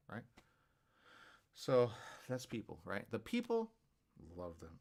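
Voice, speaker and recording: Speaking at a normal pace with long pauses, a fairly low-voiced man runs a live talk show monologue that rambles along. He's animated, acts out imagined conversations from both sides, and often throws in "right?"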